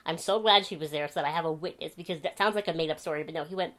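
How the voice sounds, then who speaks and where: A woman's voice: low-pitched, racing. Chatty young woman telling stories at home. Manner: chatty, animated storytelling with laughs. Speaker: vlogger. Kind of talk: casual chat to camera. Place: home bedroom.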